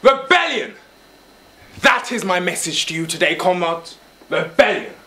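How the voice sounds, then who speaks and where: A male drama student playing an old boar who stirs the farm animals to revolt, with fiery oratory, a rasping menace and shouted key words. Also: a little high, animated, normal speed. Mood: rousing. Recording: roomy, distant mic.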